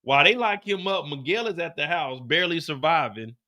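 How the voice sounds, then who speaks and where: A man hosting a live show recap, telling the story in animated, slangy casual talk. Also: on the high side, a little fast.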